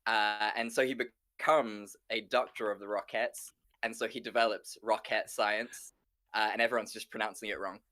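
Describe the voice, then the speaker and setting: A man co-hosting a podcast livestream, reacting quickly and giggling through casual chat. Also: fairly low pitch, steady tone, pushed and bright. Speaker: podcast co-host.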